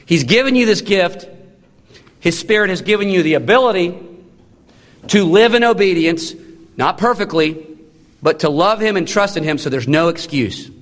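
Thirties male pastor, emphatic sermon delivery, slightly high voice, long church reverb. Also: fairly bright tone. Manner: emphatic preaching with sudden drops to a low, slow, solemn tone. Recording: long reverb of a large hall.

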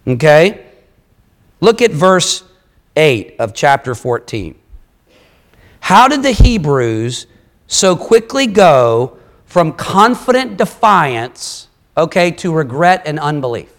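Preaching man, animated and conversational. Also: fairly high pitch, slow. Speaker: pastor. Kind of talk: sermon.

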